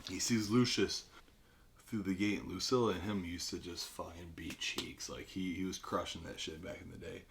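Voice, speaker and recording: A man retelling a film plot in a rambling, profane comedic way, bursting into loud acted-out lines. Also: low-pitched, steady tone, moderate pace, vocal fry. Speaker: podcast guest retelling a film. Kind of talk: profane comedic movie recap.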